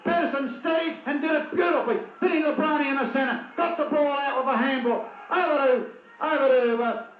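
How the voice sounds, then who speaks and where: An Australian man giving live football commentary, excitable and openly biased toward one side. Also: very high-pitched, fairly quick, slight background noise. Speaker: match commentator. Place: at a football ground. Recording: tinny, echoey 1980s video tape.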